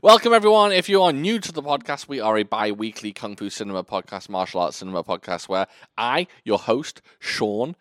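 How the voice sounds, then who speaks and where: A man's voice: on the low side, animated, brisk, hardly any pauses, fairly bright tone, no room sound, studio quality. A British man with a slight lisp, hosting a podcast in a rambling, self-deprecating, joking way. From Britain. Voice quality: slight lisp from dental aligners. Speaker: podcast host. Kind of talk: casual chat.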